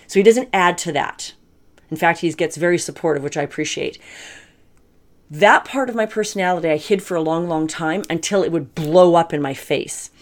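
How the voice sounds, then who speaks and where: A woman's voice: lowish voice, normal speed. A middle-aged woman giving a casual motivational talk to camera, candid and chatty, laughing often as she goes. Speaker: self-help vlogger.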